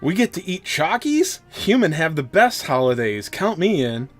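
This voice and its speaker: A man voicing an eager, greedy small creature who talks slowly and excitedly in broken grammar. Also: on the high side, soft background music, pitched above the performer's own voice.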